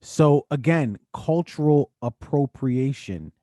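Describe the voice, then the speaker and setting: Man, podcast co-host, measured explaining, mellow tone, dry recording. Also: mid-range voice, animated, no echo. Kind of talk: casual commentary.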